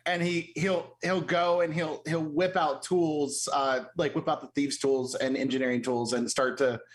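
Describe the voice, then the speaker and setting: Eager man with a higher voice. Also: flat delivery, normal speed, few pauses. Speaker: player. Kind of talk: tabletop game play.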